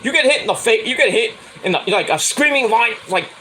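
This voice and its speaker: A man's voice: sits high, expressive, fairly quick, pushed and bright, slight background noise, low-quality recording. A man hosting his own stream, ranting in a profane, heated, rambling way about sports. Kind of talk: casual sports rant.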